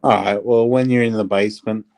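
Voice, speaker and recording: A man's voice: fairly low pitch, steady tone, a little fast, creaky, darkish tone. Man asking wry probing questions. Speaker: guest. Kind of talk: casual chat.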